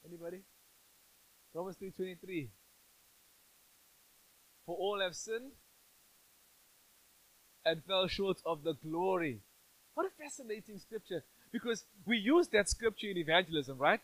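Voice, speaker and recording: A man's voice: high-pitched, lively intonation, normal speed, long pauses, fairly bright tone, poor audio. A male pastor giving a sermon in a church, conversational and playful, often asking the congregation questions.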